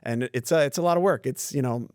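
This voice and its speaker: Easygoing man guest, mid-pitched, frank and anecdotal, dry close podcast mic. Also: fast talker, a little mellow, no echo. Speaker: community foundation staff. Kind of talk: casual podcast conversation.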